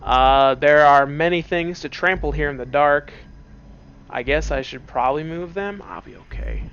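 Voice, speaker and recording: A man with a slightly high, gravelly voice talks through a computer game. He is in a dark room at home with headphones on, and keeps joking to himself as he plays. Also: moderate pace, lo-fi sound. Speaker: let's play host. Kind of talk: casual gameplay commentary. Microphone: wearing headphones at the computer.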